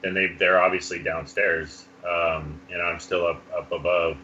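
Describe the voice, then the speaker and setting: A man with a very low voice and a bright edge works through his moves in a tabletop game. He talks in a halting, thoughtful way. The mic sounds dull and lo-fi, with a faint hiss. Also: flat delivery. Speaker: player.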